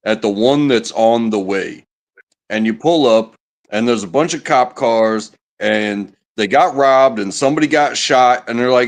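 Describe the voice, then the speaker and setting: A man telling a rambling personal story in a casual group chat, stumbling over words. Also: mid-range voice. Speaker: panel participant.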